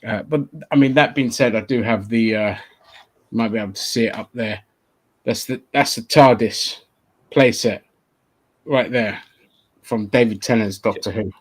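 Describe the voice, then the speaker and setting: A man's voice: lowish voice, normal speed, pauses often, husky. Sweary man hosting a chat. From London. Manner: rambling, sweary, laughs often. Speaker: podcast host. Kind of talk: casual podcast chat.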